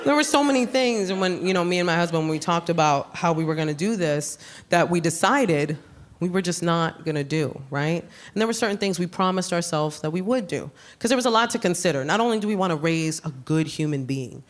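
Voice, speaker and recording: A woman with a New York accent performing live stand-up comedy, brash and animated, with sudden loud jumps on her punchlines. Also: on the low side, fairly quick. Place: comedy club stage with audience. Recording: live club recording with room noise.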